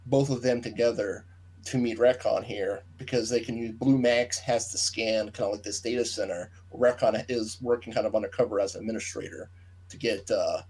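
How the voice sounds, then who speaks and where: A man's voice: fairly low pitch, steady tone, moderate pace, a little mellow, husky. A man co-hosting a podcast, explaining plot details at length in casual chat and trailing off into asides. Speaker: podcast co-host. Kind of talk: casual book discussion chat.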